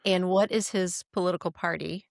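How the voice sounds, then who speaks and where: A woman co-hosts a casual political podcast from her home studio, her voice sitting a little low and recorded dry and close. She chats easily, chimes in with quick agreement and laughs along with her partner. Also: fairly even intonation, gravelly, no room sound. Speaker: podcast co-host.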